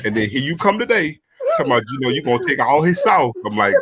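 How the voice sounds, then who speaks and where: A man's voice: mid-range voice, fast, heavy background noise. A man, teasing his co-hosts on a casual live stream. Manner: teasing, animated, swoops up and down.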